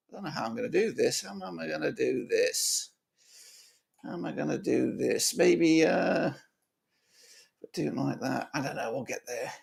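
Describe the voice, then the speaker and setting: A man's voice: fairly high pitch, vocal fry. A man hosting a casual football match preview, chatty and exclamatory, talking to his viewers as guys. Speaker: football fan channel host.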